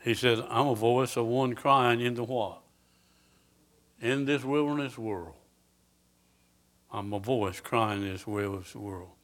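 Man preaching a sermon; unhurried, pointed delivery, leaning on each phrase, mid-pitched voice. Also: fairly bright tone. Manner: slow, emphatic scripture reading with rising intensity; asks the congregation direct questions.

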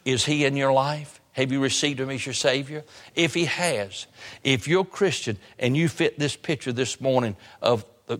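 A man's voice: mid-range voice, a bit bright. Brief: male pastor, sermon delivery, repeats lines and drags key words, long church reverb. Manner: preaching with repetition and sudden slow emphasis. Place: church sanctuary.

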